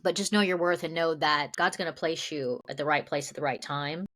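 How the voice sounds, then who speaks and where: Southern-raised actress guest, low voice, earnest and reflective. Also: female voice, a little fast, fairly bright tone. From American South. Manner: earnest, reflective, many "you know" fillers. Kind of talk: casual interview chat.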